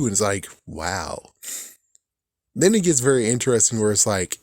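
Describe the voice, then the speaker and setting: Young male vlogger, low voice, dry close sound, loose rambling movie talk with plenty of swearing. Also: normal speed, long pauses, no echo. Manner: animated, swearing, laughs at his own jokes.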